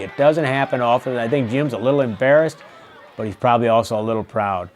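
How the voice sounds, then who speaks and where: A man's voice: mid-range voice, a little hiss or hum. A man hosting a wrestling show and calling the match play-by-play in a folksy, chatty way, reminiscing between calls.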